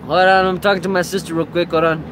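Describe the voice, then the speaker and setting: A man's voice: high-pitched, flat delivery, quick pace, background noise. A man streaming live, chatting casually, laughing a lot and swearing freely.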